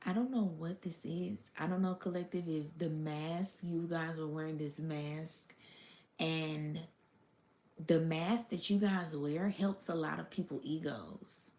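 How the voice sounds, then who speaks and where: A woman's voice: low-pitched, steady tone, takes it slowly, a little mellow. A woman giving a casual spiritual reading to her audience, blunt and profane, sometimes dropping to a whisper. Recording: roomy echo.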